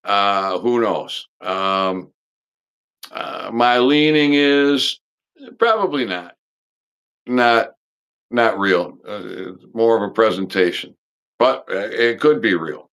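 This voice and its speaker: Man hosting a stream, low-ish smooth voice, unhurried rambling monologue with frequent restarts. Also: lively intonation, fairly bright tone. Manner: halting, full of pauses and restarts; blunt, occasionally swears. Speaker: live stream host.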